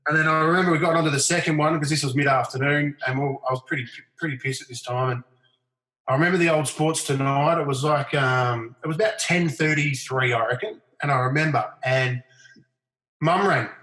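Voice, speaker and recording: A middle-aged Australian man with a voice on the high side talks briskly as a podcast guest, telling casual, animated stories. He acts out other people's lines in livelier, raised voices. The recording has a roomy echo.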